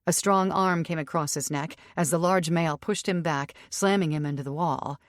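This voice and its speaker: A woman narrating a romance audiobook in a steady, even storytelling voice. Her voice sits low for a woman, and the close studio mic gives a dry, dead sound. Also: moderate pace, no echo. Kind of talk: scripted narration.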